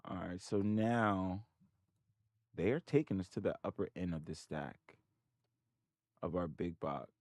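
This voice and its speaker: A man's voice: deep voice, unhurried, pauses often, a little mellow, no echo. A man hosting a trading channel, thinking aloud over his charts and muttering in frustration at his computer. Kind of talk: casual screen-share commentary.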